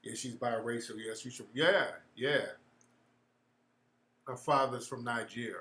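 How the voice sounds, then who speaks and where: A man's voice: mid-range voice, steady tone, unhurried, pushed and bright. Blunt slangy man in an echoey room. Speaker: host answering viewers. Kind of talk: casual livestream chat.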